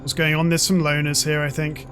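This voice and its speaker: Male streamer, 40s, slightly high voice; loose, rambling, profane gaming chatter. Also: completely flat delivery, a little fast, fairly bright tone, soft background music. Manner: rambling and profane, swears freely. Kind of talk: casual chat while gaming.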